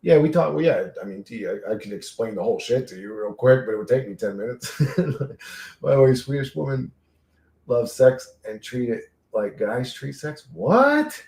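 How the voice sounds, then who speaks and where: A man's voice: medium pitch, normal speed, gravelly, dark tone, roomy sound. A man hosting a livestream, rambling casually and profanely while reading and answering chat. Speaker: livestream host.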